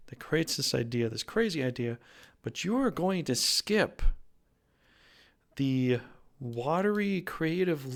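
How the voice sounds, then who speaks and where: Amateur tarot host, male, slow and creaky, jokey and rambling. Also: fairly high pitch. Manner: rambling, jokey, with wordplay and self-corrections. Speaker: tarot reader. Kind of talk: casual tarot reading.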